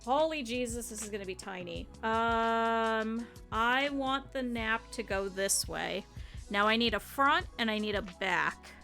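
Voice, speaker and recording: Casual woman streamer, crisp bright tone, talks chat through craft steps over faint music. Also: a little high, a little slow. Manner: chatty, explains as she works, talks to chat. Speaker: streamer teaching plush sewing. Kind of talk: casual step-by-step craft tutorial.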